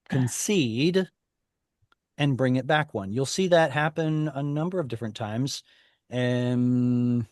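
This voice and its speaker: Male teacher, mid-pitched, patient, explains one step at a time and quizzes the class, dry close sound on a video call. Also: a little mellow, no room sound. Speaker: Hebrew teacher.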